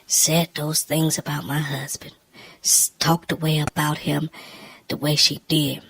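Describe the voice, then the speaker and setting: A woman telling a personal story, emotional and close to tears, in a halting, hushed voice that often drops near a whisper. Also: sits low, creaky, breathy edge, low-quality recording.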